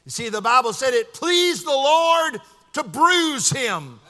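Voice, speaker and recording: A man preaching a sermon in a church, swinging from sing-song shouting down to hushed, quiet passages. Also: very high voice, big pitch swings, slow. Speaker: pastor. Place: church sanctuary. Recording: long hall reverb.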